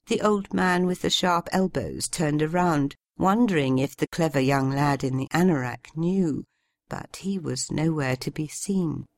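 A woman narrating a story in a measured, expressive storytelling manner. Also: low voice, no room sound. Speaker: audiobook narrator. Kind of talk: scripted narration.

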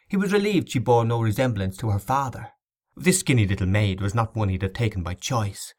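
Man reading a novel aloud, low voice, steady and dramatic. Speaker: narrator. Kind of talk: audiobook narration.

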